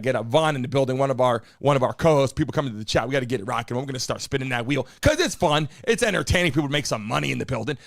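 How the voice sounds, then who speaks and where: A man's voice: on the high side, no room sound, studio quality. Hyped live-stream host, man. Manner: loud, hyped, swearing, rallying the chat. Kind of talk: energetic live-stream talk to chat. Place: studio.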